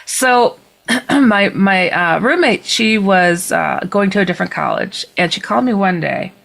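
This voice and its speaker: A woman guest telling a story in a lively, casual way, speaking into a computer on a video call. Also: mid-range voice, measured pace, gravelly, rough recording. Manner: lively, acts out quoted voices.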